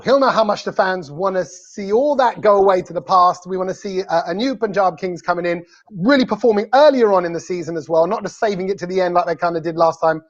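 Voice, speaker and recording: Playful male host, high voice, lo-fi call audio. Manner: jokey, playful, stumbles over words. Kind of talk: casual fan chat.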